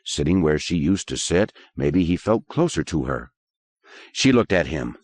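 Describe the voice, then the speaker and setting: Male narrator, deep, expressive, dry close read. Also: measured pace, no echo. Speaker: audiobook narrator. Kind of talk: scripted narration.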